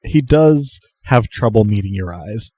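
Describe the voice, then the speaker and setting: A man narrating a tabletop game as game master, relaxed and amused. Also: fairly low pitch, measured pace, no echo.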